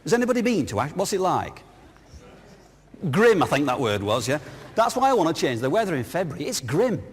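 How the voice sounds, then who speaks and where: A man's voice: on the high side, sing-song, fairly quick, husky. A man, a business speaker giving a jokey, anecdotal conference talk and asking his audience questions. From northern England. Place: large hall with audience. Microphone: clip-on lapel mic. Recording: reverberant hall.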